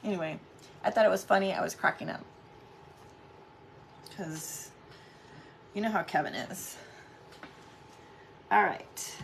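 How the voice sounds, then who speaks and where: Chatty craft host woman, gravelly edge. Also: fairly low pitch, unhurried, long pauses, slight background noise. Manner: chatty, greets viewers by name. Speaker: craft live-stream host. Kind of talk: casual live craft demo chat.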